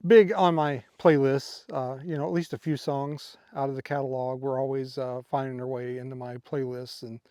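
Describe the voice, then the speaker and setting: Worn out after a sleepless night, a middle-aged man vlogs from a campsite beside the water, spinning rambling, filler-packed stories in a relaxed way. His middle-pitched, dark-toned voice stays fairly flat, moving at a moderate pace with hardly any pauses. The audio is dry and close-miked, with no room echo.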